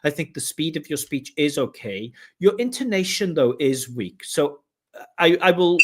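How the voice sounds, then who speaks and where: Giving spoken exam feedback, a male examiner explains a candidate's speaking scores directly, mimicking flat intonation by saying "duh duh." His voice runs on the high side at a moderate pace, and the recording is very noisy.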